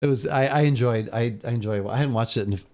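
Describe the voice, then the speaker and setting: A man co-hosting a podcast in casual chat, relaxed and agreeable, hesitating with fillers as he talks. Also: mid-range voice, quick pace. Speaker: podcast co-host.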